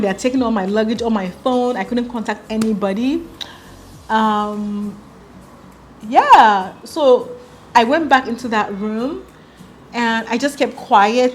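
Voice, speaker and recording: A young woman in her twenties from Nigeria, telling a personal story to the camera, earnest and full of "like", acting out the dialogue. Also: fairly high pitch. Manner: earnest, heavy use of "like", retelling dialogue. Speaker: vlogger.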